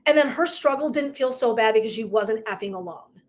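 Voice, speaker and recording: A woman's voice: a little high, animated, brisk. Effusive middle-aged woman coach. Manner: effusive, emphatic, tangents and asides. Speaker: purpose and legacy coach. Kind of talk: casual motivational talk to viewers.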